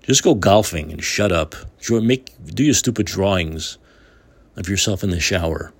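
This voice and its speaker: A man's voice: low voice, normal speed, slightly rough. A man hosting his own talk show, delivering heated, indignant political commentary with repeated phrases. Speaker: podcast host.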